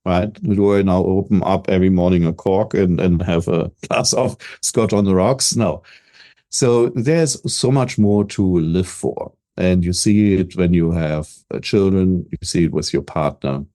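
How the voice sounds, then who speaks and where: Speaking in a casual interview, an older German man with a German accent talks as a business coach, confident and energetic. His voice is low and a little slow, and he often repeats words when starting a thought.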